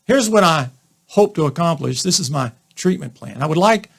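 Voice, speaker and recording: Gravelly doctor doing standup. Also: male voice, on the high side, animated, moderate pace. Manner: folksy, conversational, acts out patient quotes. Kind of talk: standup routine about medicine.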